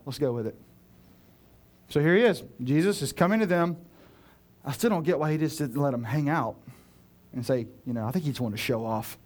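A man preaching with a slightly high voice, easygoing and playful as he walks through the passage. He throws in jokes and quick asides, swings between loud bursts and hushed lines, and keeps the tone conversational rather than formal. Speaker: pastor. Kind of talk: sermon.

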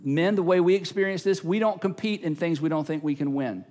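A man's voice: fairly high pitch, a little fast, a little mellow, in a large hall. A male pastor preaching a sermon, emphatic and repeating key phrases, now and then acting out little everyday scenes.

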